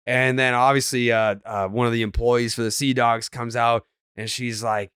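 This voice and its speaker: A man's voice: mid-range voice, level tone, moderate pace, fairly bright tone, clean tone, no echo, clean studio sound. A man with a Boston accent hosting a sports podcast, telling a story in a hyped, teasing way and joking with his co-hosts. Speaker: podcast host. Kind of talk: casual sports podcast banter.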